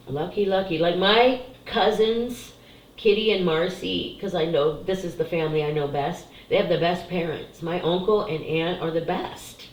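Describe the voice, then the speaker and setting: A woman's voice: lowish voice, normal speed, roomy sound, a little hiss or hum, low-quality recording. A middle-aged woman, a psychic, talking candidly and emotionally to her viewers about family and spiritual cards, tearful at times and swearing freely. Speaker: psychic doing card readings. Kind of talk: casual spiritual talk to camera.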